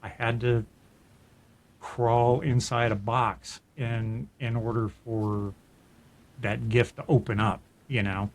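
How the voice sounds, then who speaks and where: Middle-aged male podcast host, earnest and reflective, mid-pitched, casual storytelling. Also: level tone, slow pace. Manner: earnest and reflective, with frequent restarts. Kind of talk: personal storytelling in casual chat.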